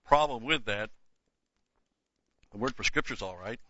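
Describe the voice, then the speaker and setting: A man's voice: lowish voice, lively intonation, moderate pace, sharp tone, dry recording. An older man giving a Bible teaching lecture, emphatic, repeating key words and dropping casual asides. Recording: dull lo-fi dry recording.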